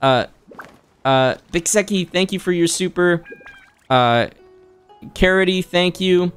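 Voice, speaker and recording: Brief: upbeat male streamer, slightly high voice, fast and giddy, faint music underneath. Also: smooth. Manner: excited, rapid, laughs often. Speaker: streamer and voice actor. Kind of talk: livestream chat reading donations.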